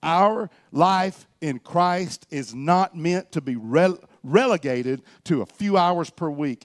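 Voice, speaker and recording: A middle-aged man preaches to his congregation. His voice sits a little high and swings widely, from rising exhortation down to quiet, reflective asides. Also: animated, slow, few pauses. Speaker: pastor. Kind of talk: sermon.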